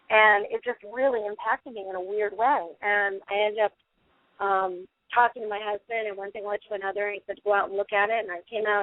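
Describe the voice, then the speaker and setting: Middle-aged woman, animated storyteller, radio interview guest, thin phone-line sound, dead dry. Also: medium pitch, no echo. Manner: talkative and animated, tells long stories. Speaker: guest, paranormal investigator.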